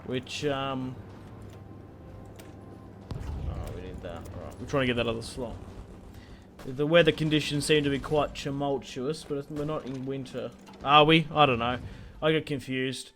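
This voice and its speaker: A man's voice: medium pitch, measured pace, long pauses, fairly bright tone, a little hiss or hum. A young adult man giving casual, joking gameplay commentary, rambling and swearing as he plays. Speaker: gaming video host.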